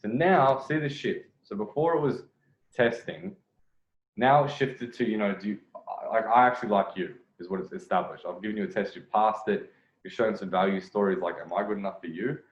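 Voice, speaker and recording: A man's voice: lowish voice, moderate pace. A man giving casual, blunt commentary on a video as a dating coach, swearing freely and restarting his phrases. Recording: echoey room, lo-fi sound.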